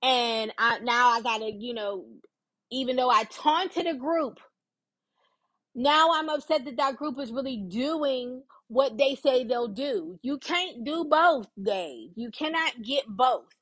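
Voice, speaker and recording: A woman's voice: high-pitched, slow pace, a bit bright, no room sound, low-quality recording. A woman hosting a podcast and giving casual opinion commentary in an informal, emphatic way, repeating points for stress.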